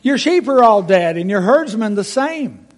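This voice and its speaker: A man's voice: sits high, big pitch swings, moderate pace, voice pushed up. A man voicing messengers who bring grim news in rhymed lines.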